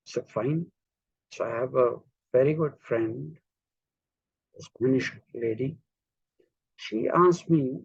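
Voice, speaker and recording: A man from India lecturing a class in a slow, deliberate way, spelling words out letter by letter. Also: medium pitch, creaky, breathy edge, no room sound, highs cut off.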